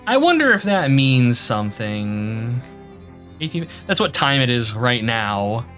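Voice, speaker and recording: A man's voice: medium pitch, very animated, a little slow, fairly bright tone, faint music behind. A man streaming a video game, reading the game text aloud and reacting playfully.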